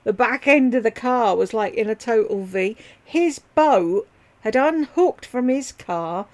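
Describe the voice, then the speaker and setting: Hosting a livestream from her home, a woman chats loosely with viewers, calling them by name as she drifts from one topic to the next. Her voice sits on the high side, with lively intonation and an unhurried pace.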